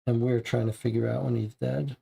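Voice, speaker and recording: A man's voice: mid-range voice, little pitch movement, fairly quick, vocal fry, mellow, breathy edge. A man playing a co-op mystery game, casually talking through the clues and sounding puzzled and frustrated. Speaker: co-op game player. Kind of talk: casual live-play chat.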